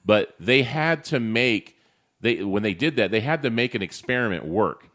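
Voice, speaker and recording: A man, a podcast co-host telling stories in casual chat, animated, swearing and acting out quotes. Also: lowish voice, normal speed.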